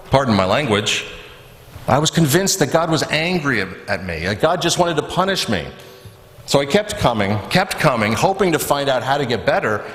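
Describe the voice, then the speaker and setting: A man voicing a kind, chatty churchwoman who explains things gently, recorded in an echoey church. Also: fairly high pitch. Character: warm, chatty middle-aged churchwoman. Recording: echoey church with long reverb.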